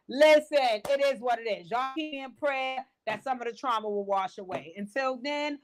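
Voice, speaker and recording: A woman's voice: high-pitched, normal speed, few pauses. A woman in her forties hosting a casual livestream chat, telling stories with lots of profanity and acted-out quotes. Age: 40s. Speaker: livestream gossip host.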